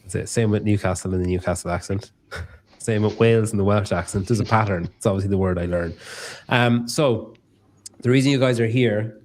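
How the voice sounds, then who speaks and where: A man's voice: lowish voice, fairly quick, a little mellow, slight background noise. A man hosting a casual podcast, joking and rambling, swearing freely. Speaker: podcast host.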